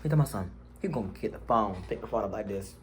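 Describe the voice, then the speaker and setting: Casual: guy doing a storytime vlog, all over the place pitch-wise, slangy and loud when he gets into it. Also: fast, a little hiss or hum. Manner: animated, slangy, swings to shrill yelling when quoting himself. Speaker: vlogger telling a story.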